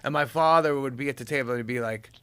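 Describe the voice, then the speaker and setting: A middle-aged man, a comedian and actor guest on a podcast, telling animated, swear-heavy stories and acting out quotes in casual conversation. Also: mid-range voice, fast, clear, resonant tone, dry recording.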